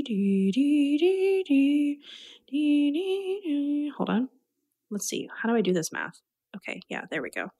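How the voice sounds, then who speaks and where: A young adult woman, a business coach, talking casually and energetically on her own podcast. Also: medium pitch. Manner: chatty, upbeat, energetic. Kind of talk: casual solo podcast talk.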